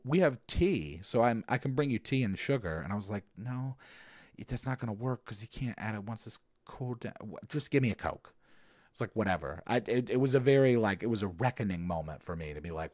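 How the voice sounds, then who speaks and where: A man's voice: deep voice, a little mellow, dry recording, studio quality. A man in his thirties from the American South, hosting a casual show and rambling through listener questions with lots of fillers and restarts. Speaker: podcast host answering listener questions. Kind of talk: casual chat.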